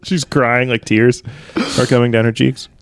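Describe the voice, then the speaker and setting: A young man riffing through an improvised comedy bit. He often leaps into loud, high character voices mid-sentence. The recording is close and dry, with little room sound. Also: level tone, moderate pace, clear, resonant tone, no echo. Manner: riffing, acts out characters with big pitch jumps. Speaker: podcast co-host.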